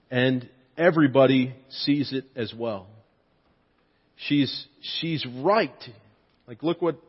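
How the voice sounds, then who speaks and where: A man preaching a sermon with lively, expressive delivery, his voice rising when he acts out quoted lines. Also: medium pitch, breathy edge. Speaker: pastor. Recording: dull sound with long hall reverb.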